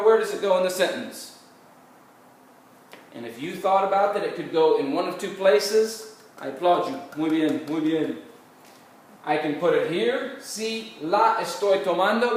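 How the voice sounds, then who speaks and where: A man teaching a recorded Spanish grammar lecture, patiently explaining step by step and slowly modelling phrases. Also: on the high side. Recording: very echoey room, mic far off, faint noise.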